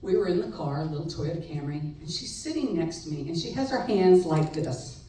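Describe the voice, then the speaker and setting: A middle-aged woman telling a personal story live on stage, wry and animated, laughing between lines. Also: on the low side, fairly quick. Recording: echoey room, far mic, faint noise.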